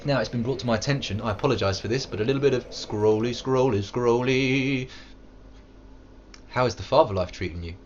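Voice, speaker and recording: A British man in his thirties giving live commentary while he plays, self-mocking and swinging from loud outbursts to low mutters. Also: brisk. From United Kingdom. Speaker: streamer. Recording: muffled with steady background hiss.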